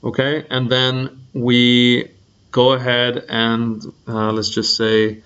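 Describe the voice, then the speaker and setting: A young man teaching a programming lesson in a relaxed, rambling way, full of ums and likes. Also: mid-range voice, takes it slowly, clean tone, highs cut off. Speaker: coding instructor.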